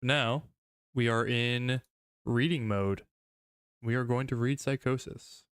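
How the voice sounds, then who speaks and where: A man streaming casually, chatting with viewers with a laugh, then reading a creepy story aloud in an even first-person voice. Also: medium pitch, takes it slowly, clean tone, dry recording, studio quality. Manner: joking, laughs often, reads steadily.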